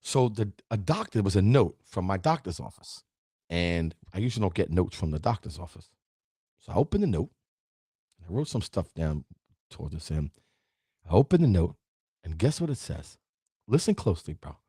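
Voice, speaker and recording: A man's voice: low-pitched, big pitch swings, moderate pace, long pauses, warm tone, slightly rough, no room sound, clean studio sound. A middle-aged man hosting a live motivational stream, talking straight to his viewers and the chat. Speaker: host of a live positivity show.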